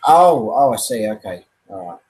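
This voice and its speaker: A man hosting a casual live stream chat, relaxed and chatty, often trailing off quietly. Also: on the low side, normal speed, low-quality recording.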